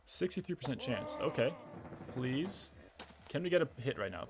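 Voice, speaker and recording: Brief: young American man, mid-pitched, excitable gameplay commentary, game music clearly audible underneath. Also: moderate pace. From United States. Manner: excitable, exasperated, says "bro" a lot. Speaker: gaming video creator.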